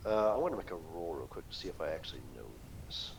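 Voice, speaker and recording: A man's voice: sits low, big pitch swings, fast talker, vocal fry, a little hiss or hum. A man playing a tabletop role-playing game, chatting casually and joking with the others.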